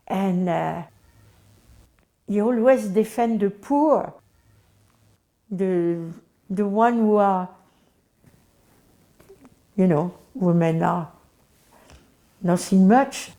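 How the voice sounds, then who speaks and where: Older woman, slow, emotional reminiscence. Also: mid-range voice, creaky, mellow. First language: French. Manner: slow, emotional storytelling in simple English. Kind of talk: personal reminiscence.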